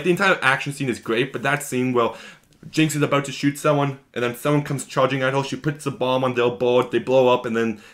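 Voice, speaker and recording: A man's voice: medium pitch, fairly bright tone. A man giving an enthusiastic, gushing episode recap as a video reviewer, talking in long run-on strings.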